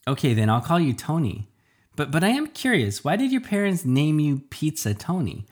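A man's voice: a little high, wildly swooping pitch, normal speed, pitched above the performer's own voice. A man voicing a friendly female schoolteacher who is polite and a little hesitant. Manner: bright, polite, slightly hesitant.

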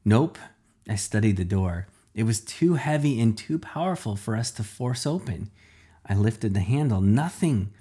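Homem narrando uma história infantil com vivacidade. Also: male voice, on the low side, moderate pace, breathy edge. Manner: animated, dramatic. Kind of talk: expressive storybook narration.

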